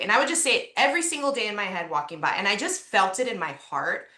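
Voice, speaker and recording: A woman's voice: mid-range voice, very animated, quick pace, few pauses, sharp tone, roomy sound. A woman real estate agent on a video call, telling a personal story in a heartfelt, chatty way with many fillers.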